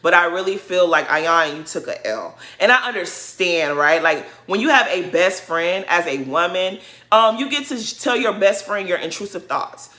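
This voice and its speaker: A woman's voice: fairly low pitch, animated, moderate pace, pushed and bright. A woman giving casual, emphatic commentary in a recap vlog, speaking with a sassy, opinionated manner. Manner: sassy, emphatic, mocks others in put-on voices. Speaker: reality TV recap vlogger.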